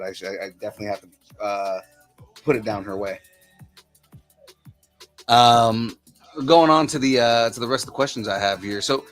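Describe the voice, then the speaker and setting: A man's voice: medium pitch, a bit bright. A man hosting a podcast interview, talking casually and hesitantly, often restarting his sentences. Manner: hesitant, many fillers and restarts. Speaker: podcast host.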